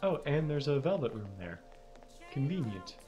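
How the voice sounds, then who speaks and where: A man's voice: medium pitch, normal speed. A man streaming a video game live, chatting casually and reading the game's dialogue aloud. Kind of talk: casual let's play commentary. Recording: faint game music behind.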